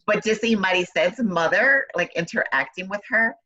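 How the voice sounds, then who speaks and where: Bright, husky-voiced woman co-host. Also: medium pitch, moderate pace, highs cut off. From Puerto Rico heritage. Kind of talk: casual chat.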